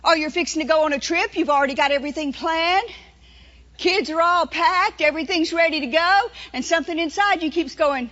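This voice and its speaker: A woman preaches in a very high, bright voice. She tells homespun stories and acts out inner voices as she makes her points. The recording is dull and lo-fi. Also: brisk. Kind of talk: sermon.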